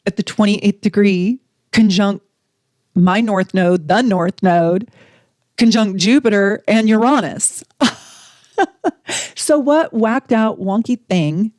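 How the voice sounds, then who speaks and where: A woman astrologer talking casually to camera, animated and chatty as she tells stories. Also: medium pitch, slow pace, pauses often, dry recording, studio quality.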